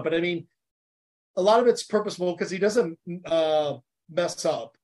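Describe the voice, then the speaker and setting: A man in his forties from the United States, a podcast guest talking in an animated, earnest and heartfelt way. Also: high-pitched, moderate pace. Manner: animated, earnest and heartfelt, talks about faith. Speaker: podcast guest, former Navy SEAL. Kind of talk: casual interview chat.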